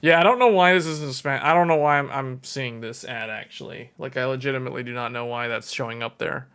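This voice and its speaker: A man's voice: medium pitch, quick pace, fairly bright tone, clean tone. A man hosting a tech livestream, casually thinking aloud and correcting himself as he goes.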